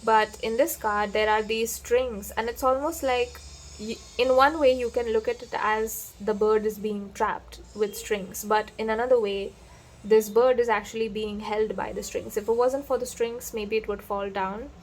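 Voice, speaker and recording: A woman's voice: a little high, fairly even intonation, normal speed. A woman giving a casual tarot reading to camera, chatty and playful, laughing often and acting out little quotes. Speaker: tarot reader.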